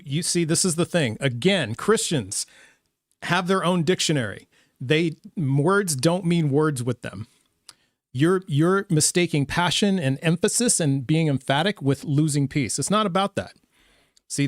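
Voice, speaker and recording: A man's voice: fairly high pitch, no room sound, clean studio sound. A man hosting a live debate stream, ranting emphatically and confrontationally and swearing at his audience. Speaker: livestream debate host. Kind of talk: heated live debate rant.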